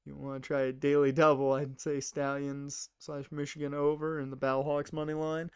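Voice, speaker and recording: A man's voice: a little high, monotone, moderate pace, smooth, dry recording, clean studio sound. A young man rambling casually to his chat while streaming a game. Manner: rambling, chatty, talks to chat.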